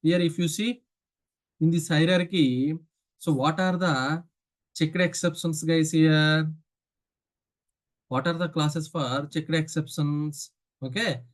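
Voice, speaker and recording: A man with an Indian English accent leads a live online coding lesson over a video call. His voice sits a little high. He keeps asking his students questions and then answers them himself. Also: fairly even intonation, takes it slowly, pauses often. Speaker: programming instructor.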